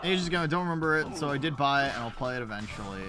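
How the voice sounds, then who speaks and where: A young man chatting through a gameplay stream in a loose, swear-heavy way, his voice bouncing up and down with a lot of expression. His pitch sits in an ordinary middle range. Game music runs clearly behind him. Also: lively intonation, very fast. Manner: chatty, swears often, talks to chat. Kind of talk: casual gameplay commentary.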